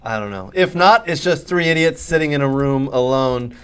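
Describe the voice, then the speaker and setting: A man hosting a casual soccer chat show, joking and self-mocking, his voice a little raspy. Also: medium pitch, moderate pace, fairly bright tone. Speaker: host.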